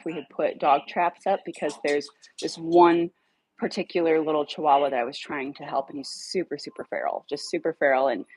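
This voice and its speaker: A woman casually telling a dog rescue story, animated, swearing now and then and acting out her own lines. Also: no echo, poor audio. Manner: animated, acts out her own dialogue in a higher voice; swears casually when irritated.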